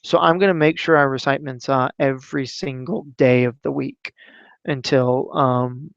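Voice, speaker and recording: A relaxed man talks through classroom Latin drills, pausing on ums before rattling off chanted verb endings in a smooth, resonant voice. The sound is close and dry, with a slightly dull, muffled top end. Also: mid-range voice, dry recording. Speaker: Latin teacher. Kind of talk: explaining classroom Latin recitation.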